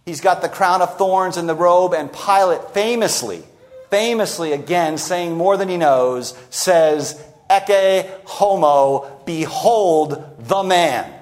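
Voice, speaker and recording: A man preaching an expository sermon, slowing down and acting out quoted lines for emphasis. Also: high-pitched.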